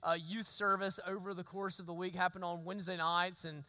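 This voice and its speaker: A man, preaching a sermon and telling a story with lively, sometimes shouted asides. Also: sits high, a little fast, no room sound, rough recording. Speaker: pastor.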